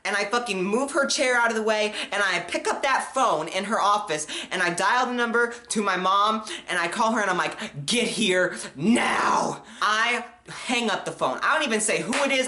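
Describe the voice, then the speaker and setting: Young man, vlogger, animated storytelling, lots of swearing, bright sharp voice, roomy echo. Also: high-pitched. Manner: animated, profane, swings from hushed to yelling. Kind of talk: casual storytime vlog.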